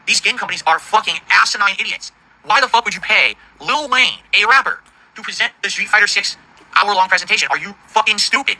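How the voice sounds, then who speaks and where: A middle-aged man livestreaming, ranting in an indignant, profane, rapid-fire way about his audience and the games industry. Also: high voice, pushed and bright, no echo, low-quality recording. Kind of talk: angry stream rant.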